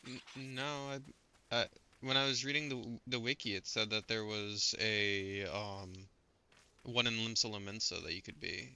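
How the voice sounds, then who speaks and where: A man's voice: on the low side, steady tone, moderate pace, sharp tone, clean tone. A man streaming a game, chatting casually and explaining details in a pedantic, pun-loving way. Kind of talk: casual gameplay commentary.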